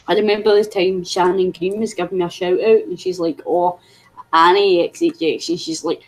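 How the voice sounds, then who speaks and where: A woman's voice: medium pitch, expressive, a little slow, long pauses, poor audio. A woman with a Scottish accent chatting casually on a video call, laughing often and teasing about how words are said. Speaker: craft livestream co-host. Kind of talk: casual chat.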